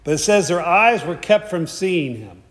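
A man's voice: sits high, animated, normal speed, fairly bright tone. A man giving a conversational sermon, with joking asides and frequent restarts. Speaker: preacher. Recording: echoey hall.

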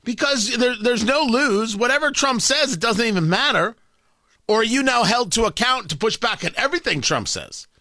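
A man's voice: very high voice, animated, moderate pace, bright, forceful tone, dry recording. A man hosting a talk radio show, delivering a brash, sarcastic opinion monologue full of rhetorical questions into a studio microphone.

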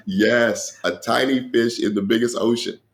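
A man's voice: medium pitch, unhurried. A man, a comedian, telling stories from his career in an interview, acting out the dialogue and laughing. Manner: animated storyteller who acts out dialogue and laughs. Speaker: comedian guest. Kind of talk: storytelling in an interview.

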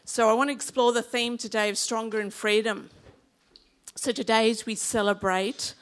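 A woman's voice: fairly high pitch, level tone, normal speed, a bit bright. A woman in her fifties with an Australian accent, preaching a sermon in a chatty, humorous way and drawing in the congregation. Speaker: pastor.

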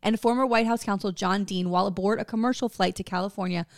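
A woman's voice: medium pitch, fairly even intonation, quick pace, no room sound, clean studio sound. A woman co-hosting a podcast, telling a story from her notes in a casual, joking way, stumbling over words and swearing now and then. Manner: reads notes aloud with stumbles, swears, laughs.

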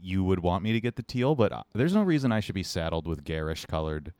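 Low voiced dude on a podcast, talks quick, deadpan crude jokes. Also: male voice, no room sound. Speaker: podcast co-host. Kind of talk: casual chat.

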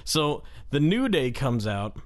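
A man's voice: medium pitch, sing-song, slow. Rambling laughing male podcast host. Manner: rambling, full of fillers and laughs; slips into exaggerated crowd voices when retelling. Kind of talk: casual chat recapping wrestling.

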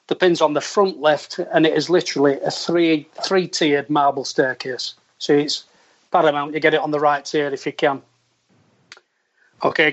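A man, a former caddie, telling an earthy, animated anecdote and acting out the voices he quotes. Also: fairly high pitch. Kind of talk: storytelling anecdote. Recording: dull lo-fi sound.

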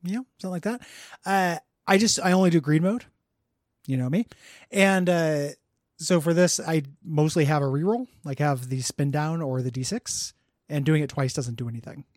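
A man with a slightly high voice hosts a podcast at normal speed, rambling casually, laughing, and poking fun at himself. The recording is dry and studio quality.

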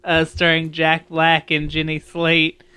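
A man's voice: on the high side, completely flat delivery, takes it slowly, pushed and bright, smooth. A man co-hosting a casual podcast chat, enthusiastic and rambling. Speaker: podcast co-host.

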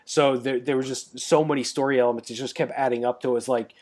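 A man's voice: medium pitch, fairly even intonation, fast talker, a little mellow. A man co-hosting a podcast in casual chat, rambling along with many fillers and restarts. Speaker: podcast co-host.

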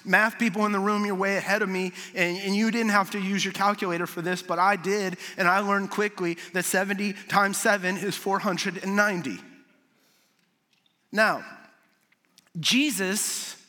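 A man preaching a sermon as a pastor, storytelling with animated swings and soft, low moments for emphasis. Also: moderate pace. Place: large hall with audience. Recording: long reverb of a large hall.

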